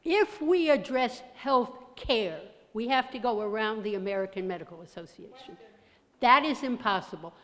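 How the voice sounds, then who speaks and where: A woman's voice: fairly high pitch, lively intonation, moderate pace, a bit bright. A woman in the audience at a public talk asking a question, insistent and persistent. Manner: insistent, persistent, keeps the floor. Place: large church hall. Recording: reverberant church hall.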